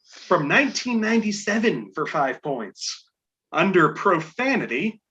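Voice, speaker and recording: A man's voice: sits high, big pitch swings, measured pace, sharp tone, poor audio. A man hosting a casual podcast game show, reading clues aloud with playful asides and chuckles.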